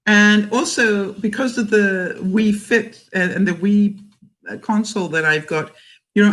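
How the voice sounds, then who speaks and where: Reading her viewers' comments out loud, an older woman from Canada chats her way through a relaxed livestream vlog. Her voice is mid-range and a little bright, and she laughs often.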